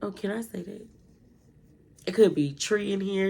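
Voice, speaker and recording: A young woman, telling a personal story to her viewers in casual vlog style, jumping high when she acts out her own lines. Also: a little slow, vocal fry, husky. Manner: animated retelling, jumps to high pitch when quoting herself. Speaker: storytime vlogger.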